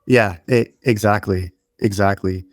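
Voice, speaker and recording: Man, lowish voice, chatty, hedging, dry close podcast sound. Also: steady tone, measured pace, no echo. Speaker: podcast co-host. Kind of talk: casual podcast chat.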